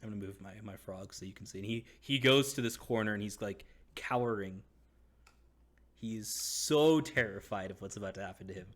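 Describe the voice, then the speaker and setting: A man narrating as game master in a casual, halting way. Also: lowish voice, fairly bright tone. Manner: casual, halting, lots of fillers.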